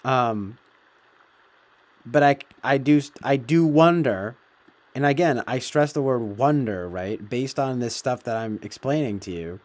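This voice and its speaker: A man's voice: mid-range voice, measured pace, a little mellow. A man giving a meandering commentary, heavy on fillers and swearing. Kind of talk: casual rambling commentary.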